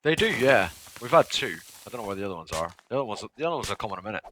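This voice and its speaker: An excitable man gives live commentary over a survival game, swearing freely as he plays. His pitch swings wildly from low mutters up to high yelps, and his tone is bright and forceful. A faint hiss of noise sits under his voice. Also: very fast. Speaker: game streamer.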